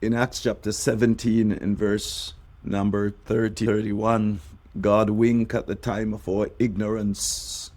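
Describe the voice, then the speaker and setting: A male bishop preaches a devotional sermon, stretching out key words and letting the ends of his phrases sink low and soft.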